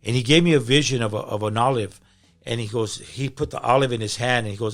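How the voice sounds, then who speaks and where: A man's voice: mid-range voice, fast talker. A middle-aged man, a pastor, telling his personal testimony in a podcast conversation, emotional and often repeating words.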